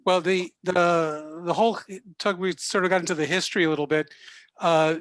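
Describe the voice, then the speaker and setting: A man linguist on a video panel, explaining in a halting, stop-start way. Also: high-pitched, fairly even intonation, fairly bright tone, no room sound. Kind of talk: panel discussion.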